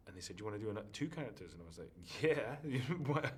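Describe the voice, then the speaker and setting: A fast-talking, husky Scottish man in middle age, with a fairly low voice. He chats easily in an interview and slips into little acted-out quotes as he tells a story. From northeast Scotland. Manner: animated storyteller, acts out quotes. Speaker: actor, interview guest. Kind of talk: casual interview chat.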